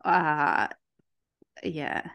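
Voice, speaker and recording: A woman's voice: low-pitched, steady tone, drawn-out words, a bit bright. A young woman co-hosting a podcast, reading out listener stories in casual chat, laughing often and swearing casually. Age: young adult. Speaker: podcast co-host.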